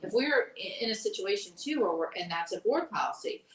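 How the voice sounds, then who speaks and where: A woman's voice: mid-range voice, animated, brisk. A woman answering questions about school policy in an earnest, explanatory way, with frequent fillers. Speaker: school board candidate. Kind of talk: candidate forum answers. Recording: echoey room, voice from far off.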